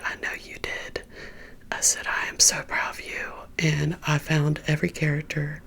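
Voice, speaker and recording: A woman with a Southern US accent, rambling and confiding in a soft whisper as she tells an ASMR story to her viewers, close to the microphone. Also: low voice, gravelly, husky. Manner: confiding, rambling, talks to viewers as "you guys". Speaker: ASMR creator.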